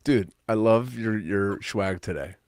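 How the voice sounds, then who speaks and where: A man's voice: lowish voice, unhurried, dry recording, clean studio sound. A man co-hosting a podcast in casual chat, joking and playful. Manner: joking, playful, swings between a soft calm guided-breathing voice and put-on accents. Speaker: podcast co-host.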